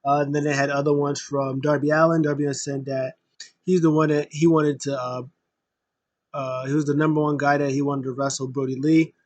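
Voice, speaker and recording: A man's voice: on the high side, level tone, brisk, no echo, dull audio. A man recapping a wrestling tribute show in a casual, rambling way, full of fillers and open emotion as a fan. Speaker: wrestling vlogger.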